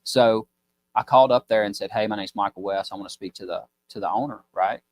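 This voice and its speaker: This is a low-pitched man with a drawl, chatting casually as a podcast guest. He rambles through his stories with a folksy ease and acts out the people in them. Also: fairly quick. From Mississippi. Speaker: podcast guest, business owner. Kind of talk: casual storytelling chat.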